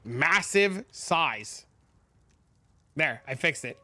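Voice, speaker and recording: A man's voice: sits high, measured pace, long pauses, faint music behind. A man streaming live, chatting and ranting casually to his viewers while reading their comments aloud. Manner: animated, ranting, reads chat aloud.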